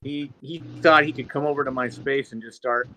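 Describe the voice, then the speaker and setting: A young man tells a story on his podcast, drifting along with plenty of fillers and restarts. His talk is loose and conversational, in a middle-pitched voice that sits neither high nor low. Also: steady tone, fairly quick, sharp tone, a little hiss or hum. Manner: laid-back rambling with many fillers. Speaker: podcast host. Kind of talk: casual storytelling chat.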